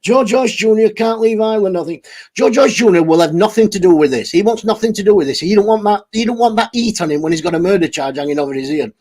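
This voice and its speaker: A man's voice: sits high, lively intonation, fast, a little mellow. A man ranting angrily on a livestream, swearing heavily and over-caffeinated. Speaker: channel host reading live chat. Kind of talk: angry livestream rant.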